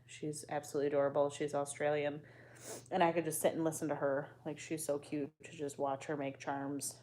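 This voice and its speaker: A woman's voice: low voice, little pitch movement, fairly quick, a little mellow, slight background noise. A woman vlogger in casual chat to the camera, laid-back, sighing often and swearing offhandedly.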